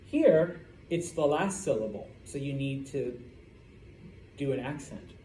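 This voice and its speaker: A man's voice: mid-range voice, animated, a little slow, dark tone. A man teaching a Spanish class, explaining grammar and often checking in with "okay?". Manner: checks in with "okay?" after each point. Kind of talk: classroom lecture. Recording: roomy classroom with faint background noise.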